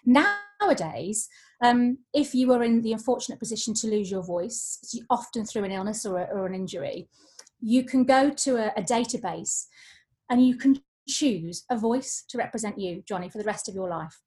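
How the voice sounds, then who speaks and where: Animated woman voice coach. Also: fairly high pitch, normal speed. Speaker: voice coach guest. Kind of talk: podcast conversation.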